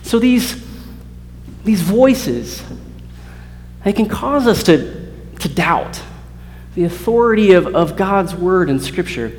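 Male campus preacher, high voice, earnest sermon, long hall reverb. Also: animated, slow, pauses often, a little mellow, a little hiss or hum. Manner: earnest, many repeated starts, acts out quoted voices. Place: college hall.

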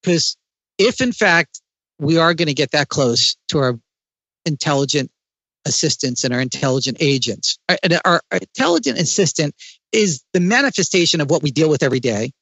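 Animated man explaining in an interview. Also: fairly high pitch, normal speed, dry recording, rough recording. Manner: animated, explanatory, with frequent restarts. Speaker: interview guest. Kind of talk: conversational interview.

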